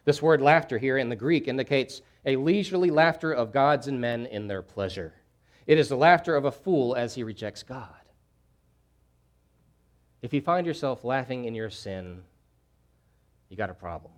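Fervent preacher man, loud then hushed. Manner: swings from hushed, grave lows to loud, fervent emphasis; repeats key phrases for emphasis. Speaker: pastor. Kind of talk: sermon.

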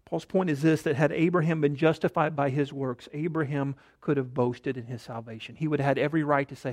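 A male pastor preaching a sermon with rhetorical questions, rising to emphatic lines and dropping to a hush. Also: on the high side, steady tone, fairly quick, few pauses. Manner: dynamic preaching, rhetorical questions, drops to near-whisper for emphasis.

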